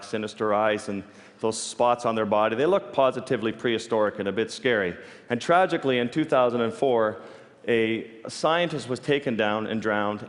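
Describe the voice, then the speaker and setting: A man telling stories on stage in an animated way, with halting restarts and quick laughs. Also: lowish voice. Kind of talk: storytelling talk on stage. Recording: long reverb of a large hall.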